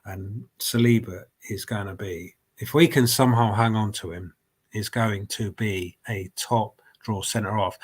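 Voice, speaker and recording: A man's voice: lowish voice, a little slow, breathy edge. A man with a cold hosting a casual live football reaction stream at home, rambling with many fillers and restarts. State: has a cold. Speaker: football fan channel host. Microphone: desk mic at a laptop.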